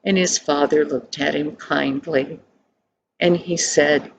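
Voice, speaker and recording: Older woman storyteller, really slow, soft hushed voice, telling a kids' story. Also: sits low, steady tone, creaky, a little hiss or hum, rough recording. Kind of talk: storybook narration.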